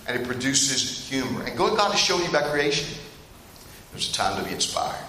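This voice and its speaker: A middle-aged man preaching a sermon in a church, talking straight to the congregation and telling stories in an animated way that gets him laughing. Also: mid-range voice, brisk. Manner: storytelling, animated and laughing at funny parts; addresses the congregation directly. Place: church hall. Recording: echoey hall with faint room noise.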